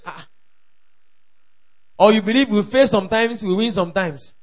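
A man preaching a sermon, emphatic and repetitive, calling out declarations and shouting at the peaks. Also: high voice, normal speed. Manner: emphatic, repeats lines for the crowd to echo, shouts at peaks. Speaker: pastor.

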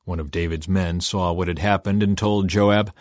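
A man's voice: low voice, steady tone, moderate pace, no echo. Man reading scripture solemnly, dry sound. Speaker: Bible reader. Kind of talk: scripted narration.

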